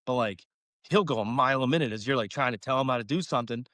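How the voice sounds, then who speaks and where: A man's voice: medium pitch, fast, fairly bright tone, dry recording. A man, a college baseball coach, talking casually in a podcast interview, rambling with lots of fillers and acting out conversations.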